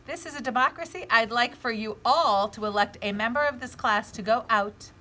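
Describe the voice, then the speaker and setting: A woman voicing a brisk female schoolteacher addressing her class in a read-aloud storybook. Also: on the high side, bright, forceful tone. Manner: announcing to a class.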